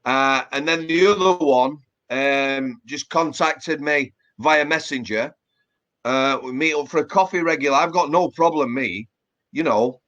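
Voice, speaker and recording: Chatty Yorkshire man, slightly high voice. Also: unhurried, a bit bright. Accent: Yorkshire English. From Yorkshire, England. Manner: chatty, plain-spoken, many fillers and restarts. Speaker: former prison officer, guest. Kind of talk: casual interview chat.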